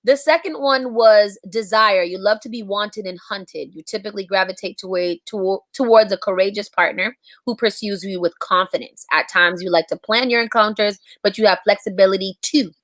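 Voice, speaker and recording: A woman's voice: mid-range voice, moderate pace, hardly any pauses, a bit bright, no echo. Laughing woman reading a list aloud. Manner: laughing, reads lists aloud. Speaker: podcast co-host. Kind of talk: casual chat, reading out quiz.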